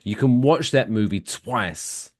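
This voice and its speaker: A male podcast co-host talks in a loose, crude comedic chat, tossing in jokes and bits. His pitch swings widely as he riffs. The sound is dry and close, with no room around it. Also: lively intonation, slow, no room sound. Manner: crude, loud, swings into jokey impressions.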